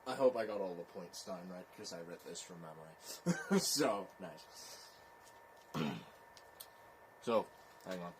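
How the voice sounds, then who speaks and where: A man with a Belfast accent, telling a scary story in slow, rambling casual chat, with "so it is" tags. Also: sits low, animated. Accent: Northern Irish, Belfast.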